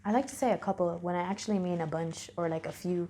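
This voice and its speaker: A young adult woman vlogs casually to camera, candid and rambling, often correcting herself and laughing. Her voice is on the low side and mellow, and she races through her words in this reflective talk.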